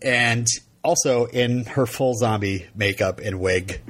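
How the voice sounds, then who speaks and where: Excitable middle-aged man telling a story. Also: medium pitch, slow pace. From Vermont. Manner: animated, laughs often, acts out quotes. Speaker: podcast co-host. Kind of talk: casual chat, storytelling.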